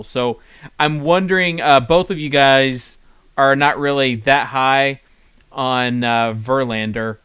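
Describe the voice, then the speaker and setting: Playful male host, smooth clear voice, dry close recording. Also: mid-range voice, a bit bright, no echo. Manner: playful, searches for words aloud. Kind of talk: casual sports chat.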